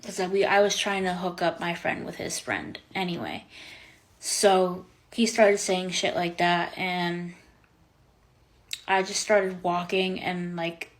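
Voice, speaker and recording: Chatty young woman, lower voice. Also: slow pace, low-quality recording. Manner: chatty, lots of "like" and "um" fillers; dramatic retelling with quoted voices. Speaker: vlogger. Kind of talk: casual storytime.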